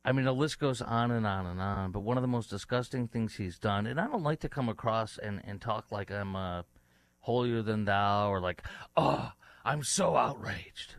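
A man's voice: fairly low pitch, normal speed, no echo. A man hosting a talk show, giving heated, indignant political commentary with many fillers and restarts. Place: studio in Dallas.

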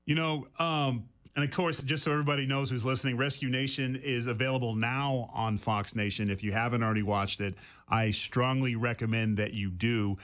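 A man's voice: medium pitch, steady tone, fairly quick, a bit bright. Male radio host, chatty, a bit stumbling when he asks questions. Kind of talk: radio interview.

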